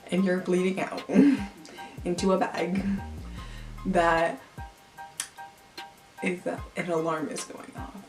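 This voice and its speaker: A woman's voice: medium pitch, darkish tone. A young woman vlogger telling a storytime tale in a chatty way, full of "like.". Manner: chatty, heavy use of "like". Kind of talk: storytime vlog. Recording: echoey room, distant mic, faint music.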